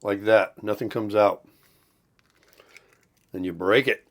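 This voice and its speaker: A man's voice: lowish voice, fairly even intonation, slow. Chatty middle-aged man rambling while cooking. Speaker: vlogger. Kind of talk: casual morning vlog chat. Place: home kitchen, RV.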